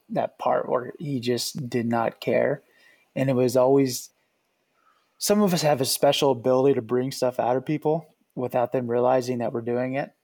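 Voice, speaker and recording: A man, a former pitcher, telling team stories in a loose, casual way and saying "dude" a lot. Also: a little mellow. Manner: laid-back, says "dude" a lot. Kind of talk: casual storytelling chat.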